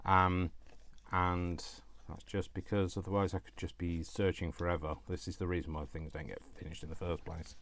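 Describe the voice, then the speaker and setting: Male crafting vlogger, low-pitched, rambling self-talk while sorting supplies, faint background hiss. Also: flat delivery, moderate pace, fairly bright tone. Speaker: crafting channel host. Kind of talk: casual crafting vlog chat.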